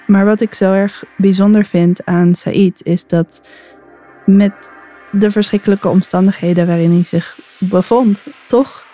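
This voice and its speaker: A woman's voice: mid-range voice, mellow. A woman narrating a documentary in an earnest, reflective way. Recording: faint music underneath.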